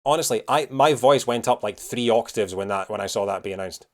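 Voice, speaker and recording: A man's voice: fairly low pitch, a little fast. A man live-streaming, chatting casually and rambling with many fillers as he answers his chat. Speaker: streamer reacting to news.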